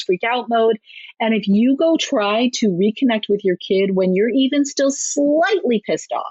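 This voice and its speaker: A chatty woman author on a podcast, talking emphatically and sometimes slipping into a higher voice to act out quotes. Her voice is husky and breathy, and the sound is dry and a little dull and lo-fi. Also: darkish tone, dry recording. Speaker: parenting author and guest. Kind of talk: podcast interview.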